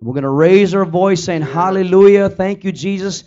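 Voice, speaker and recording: A male pastor leads his congregation in prayer, his voice pitched unusually high. He pleads fervently and repeats his lines again and again. The recording is dull and lo-fi, with faint music underneath. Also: moderate pace, a little mellow.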